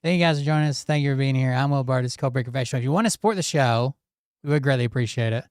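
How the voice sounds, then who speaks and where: A man hosting a live-stream show, talking in a loose, rambling way with some offhand cursing and a touch of hoarseness. His voice sits at a middling pitch and is recorded very dry, right up on the mic. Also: rapid-fire, darkish tone, no room sound. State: slightly hoarse. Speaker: show host. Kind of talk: casual live-stream commentary.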